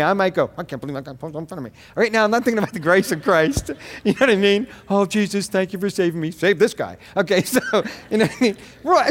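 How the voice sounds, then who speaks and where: Earnest preaching man in a reverberant gym. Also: fairly high pitch. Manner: earnest, preachy, with quick asides. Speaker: pastor. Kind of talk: sermon.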